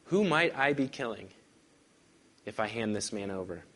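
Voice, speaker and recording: A male pastor preaching a sermon and reading scripture aloud, pressing hard on key words and then dropping to hushed, quiet lines. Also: on the low side, lively intonation, normal speed. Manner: emphatic, swings from loud stresses to hushed lines.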